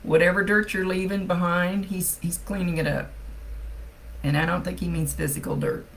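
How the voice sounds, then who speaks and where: Gravelly, blunt woman psychic medium. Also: on the low side, flat delivery, normal speed, slight background noise, rough recording. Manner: blunt, swears casually; chatty, thinks aloud. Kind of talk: live-streamed psychic reading, casual chat.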